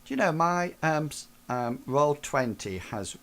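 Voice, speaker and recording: A man running a tabletop game as game master, narrating in rambling, halting phrases. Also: a little high, lively intonation, a bit bright.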